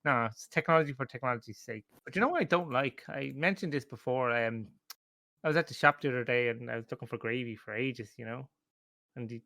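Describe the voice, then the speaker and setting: A man from Ireland co-hosting a casual podcast chat, talking in animated rants full of swearing and self-mockery. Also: mid-range voice, vocal fry, no room sound, studio quality. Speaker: podcast co-host.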